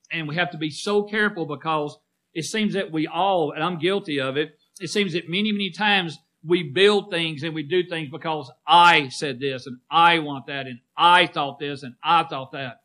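A man with a slightly high, sharp voice preaches a sermon to his congregation. He is emphatic and repeats phrases, calling on listeners by name and asking them to answer back.

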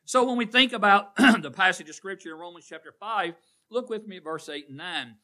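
A man's voice: sits high, lively intonation, brisk, pushed and bright. A man preaching a call-and-response sermon in a church, quizzing the congregation. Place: church sanctuary.

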